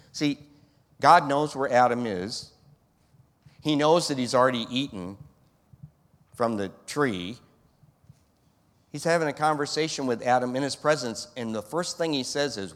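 A male preacher delivers his sermon with animated rhetorical questions and acts out the scenes he describes. His voice sits at a middling pitch, and a long reverb trails behind it in a hall. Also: normal speed.

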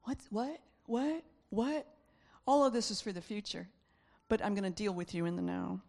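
Brief: woman preacher, mid-pitched, chatty sermon delivery with playful asides. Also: fast talker, vocal fry, darkish tone. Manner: conversational, acts out voices, laughing asides.

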